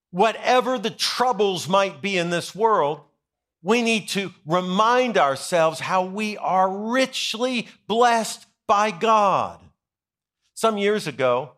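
A middle-aged man, a senior pastor, preaching a sermon in a deliberate way, dropping soft and low for stories and rising for emphasis.

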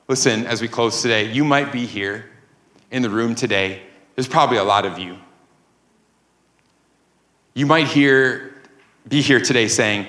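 A male pastor delivers an emphatic sermon whose cadence rises and falls, recorded in an echoey church sanctuary. He speaks at medium pitch, animated yet unhurried, with a sharp tone.

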